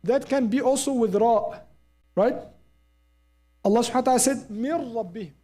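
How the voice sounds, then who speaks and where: A Quran recitation teacher giving a live class at a mosque, repeating example sounds slowly and checking in with students. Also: medium pitch, warm tone, faint music behind.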